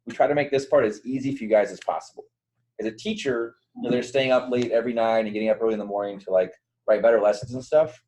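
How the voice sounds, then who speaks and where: A man's voice: mid-range voice, fairly even intonation, fast, warm tone, low-quality recording. A young man giving a casual online training to volunteer mentors, loose and conversational, with lots of fillers and restarts. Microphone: computer mic on a virtual call.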